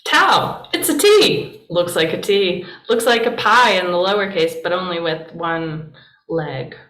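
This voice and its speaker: Woman pastor leading a class, unhurried and chatty, encouraging tone, roomy church hall sound. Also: lowish voice, fairly even intonation, a bit bright, slight background noise. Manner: chatty and encouraging, with many fillers. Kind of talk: casual classroom teaching. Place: church meeting room. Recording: roomy echo.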